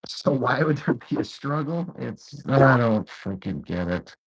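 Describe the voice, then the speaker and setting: Man, casual livestream host at home, husky voice, relaxed and bemused. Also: medium pitch, unhurried, low-quality recording. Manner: easygoing, puzzled, talks through tech trouble. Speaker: live stream host. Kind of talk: casual chat. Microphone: phone.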